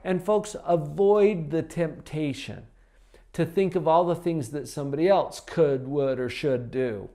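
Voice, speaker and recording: A man's voice: fairly high pitch, a little slow, warm tone. A man giving a motivational personal development talk, emphatic and upbeat, full of rhetorical questions.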